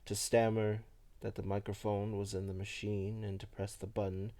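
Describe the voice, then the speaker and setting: A man reading a novel aloud in a measured, low-key way. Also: little pitch movement, warm tone. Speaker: audiobook reader. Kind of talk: novel narration.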